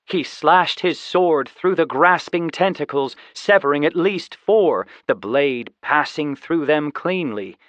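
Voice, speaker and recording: A man narrating a fantasy audiobook in steady, scripted storytelling. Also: a little high, slow pace, hardly any pauses, no room sound. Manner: even, steady storytelling with voiced dialogue. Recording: slightly dull, dry studio recording.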